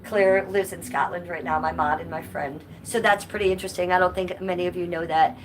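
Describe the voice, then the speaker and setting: A woman streaming live from home, chatting loosely and reading out viewer comments as she goes. Her voice sits a bit low, and a steady background noise runs under it. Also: fairly quick. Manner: chatty, reads chat aloud and answers viewers. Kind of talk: casual live-stream chat. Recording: noisy background.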